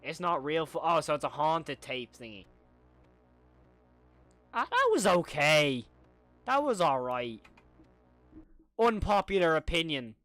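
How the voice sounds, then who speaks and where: Young male horror reaction streamer, fairly high voice, excitable, talkative, reacts loudly. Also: slow, long pauses, no room sound, faint music behind. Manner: excitable, reacts aloud with repeated exclamations; chatty, answers viewer questions. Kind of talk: live reaction commentary.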